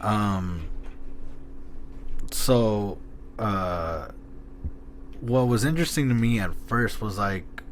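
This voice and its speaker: A man co-hosting a podcast, rambling and excitable with lots of fillers and casual swearing. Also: fairly low pitch, measured pace, slight background noise. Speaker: podcast co-host.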